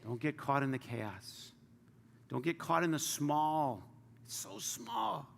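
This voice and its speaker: A man pastor delivers a passionate sermon in a high, gravelly voice. He swings from loud, urgent pleading down to hushed, near-whispered lines. The sound carries a long church-hall reverb with faint ambience behind it. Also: sing-song, slow.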